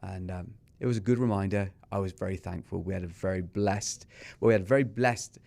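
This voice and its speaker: A man's voice: low voice, fairly quick, vocal fry, darkish tone. A middle-aged English man with an English accent, speaking as a podcast guest and telling his story candidly and earnestly. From England. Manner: earnest and openly confessional, acts out remembered dialogue. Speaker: podcast guest, small business owner. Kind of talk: candid personal storytelling in an interview.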